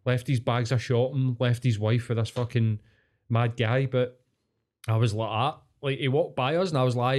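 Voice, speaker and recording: A Scottish man, a podcast co-host, telling a story in casual chat, swearing freely and getting animated. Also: mid-range voice, normal speed.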